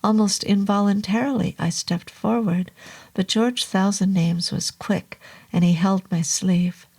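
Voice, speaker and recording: A woman narrating a horror novel in a slow, low, hushed delivery, at times dropping to a whisper. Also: fairly even intonation, breathy edge.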